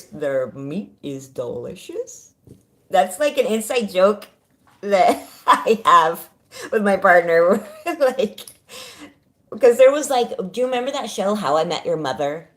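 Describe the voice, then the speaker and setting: Her pitch runs fairly high and her tone fairly bright as this middle-aged woman from California chats live from home. Bubbly and talkative, she greets viewers by name and laughs a lot while hosting her stream.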